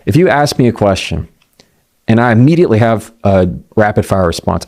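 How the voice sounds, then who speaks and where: Man coaching with slow emphasis. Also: on the low side, expressive, darkish tone. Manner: conversational, acts out quoted voices, slows down for emphasis. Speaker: communication coach. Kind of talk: motivational talk.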